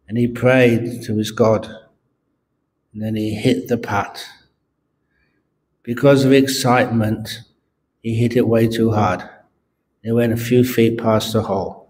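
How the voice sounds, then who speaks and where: A man's voice: medium pitch, darkish tone, slight background noise. A man, a Buddhist monk, giving a morning dharma talk at a meditation centre and telling jokes with frequent laughter. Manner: humorous storyteller who laughs at his own jokes.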